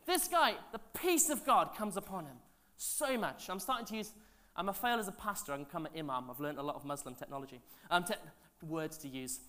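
A man, a pastor telling stories in a sermon, animated and chatty with asides to the congregation, his voice swinging from loud to hushed. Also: high-pitched, brisk. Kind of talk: sermon storytelling.

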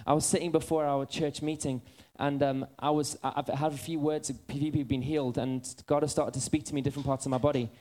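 A man's voice: fairly high pitch, level tone, fast talker, hardly any pauses, dark tone. A man preaching a sermon in a church, telling stories with humor that pokes fun at himself. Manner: humorous, self-deprecating storytelling.

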